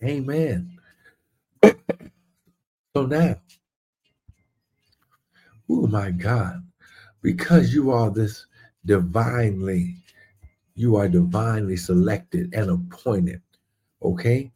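A male preacher delivers a sermon in a slow, unhurried cadence. His voice is husky and mellow, and his pitch sits a little low. He is fervent, repeats key lines and calls out to his listeners.

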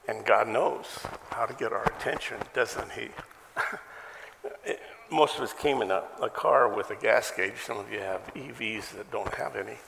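A male pastor delivers a live sermon in a gravelly, bright voice. He talks conversationally, stacks rhetorical questions, and pokes fun at himself. The sound carries a long hall reverb with faint background noise. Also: mid-range voice. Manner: conversational, self-deprecating humor, rhetorical questions.

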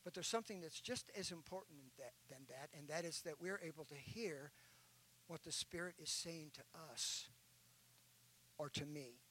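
A man's voice: fairly high pitch, moderate pace, bright, forceful tone, slight background noise, rough recording. A man preaching a sermon as a bishop, telling an illustration and building to emphatic points. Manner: storytelling with rising, emphatic preaching.

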